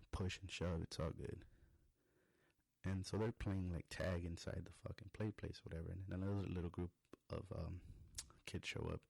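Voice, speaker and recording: A man's voice: low-pitched, gravelly, a little mellow, no echo. A young adult man on a podcast, telling a rambling, profane story in a casual monologue. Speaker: podcast host.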